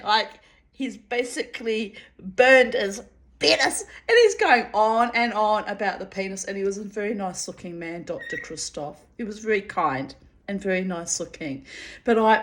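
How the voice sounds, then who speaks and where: A woman's voice: mid-range voice, normal speed. A woman telling a personal story in a casual, candid way, often breaking into giggles and swearing freely. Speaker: storyteller reading her own diary.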